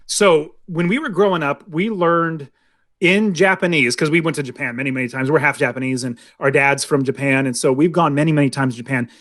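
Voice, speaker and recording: Male podcast co-host, higher voice, rambling anecdotes, dry recording. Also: a little fast, fairly bright tone, no room sound. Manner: rambling storyteller, full of "like". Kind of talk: casual movie podcast chat.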